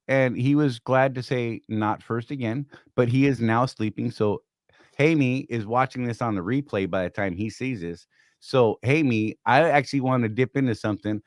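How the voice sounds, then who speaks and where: A man in his fifties, hosting a podcast as a relaxed live-stream chat, talks in a mid-range voice. He's joking, rambling, and self-mocking, captured in studio quality without any room sound.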